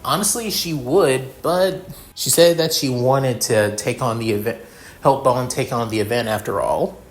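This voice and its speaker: A man's voice: medium pitch, unhurried, natural voice. A man voicing an easygoing young male team captain in a casual, offhand way, close to his own voice.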